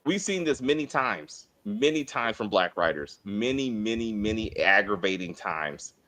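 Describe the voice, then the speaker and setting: A man's voice: on the low side, big pitch swings, moderate pace, bright, forceful tone. A man co-hosting a spoiler review of a TV show, ranting in exasperated, profane casual chat.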